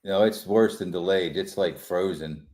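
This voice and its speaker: A man with a fairly low voice hosts a casual podcast. He keeps his prompts short and asks plain follow-up questions. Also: moderate pace, a little mellow. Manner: brief prompts and acknowledgments. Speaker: podcast host.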